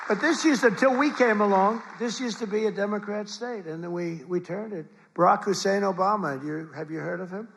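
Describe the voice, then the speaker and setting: A man's voice: high voice, expressive, moderate pace, gravelly, few pauses, a bit bright. An older man giving a rambling, repetitive campaign rally speech from a podium microphone in a large event hall, with the audience heard around him. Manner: rambling, repetitive, boastful asides. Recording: live rally with crowd noise. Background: crowd and ambient noise.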